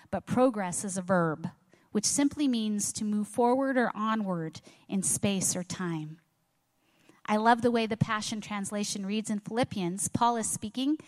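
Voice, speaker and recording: Middle-aged woman pastor preaching, asks the church lots of questions, big echoey hall. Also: medium pitch. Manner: earnest preaching with rhetorical questions. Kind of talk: sermon. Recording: long reverb of a large hall.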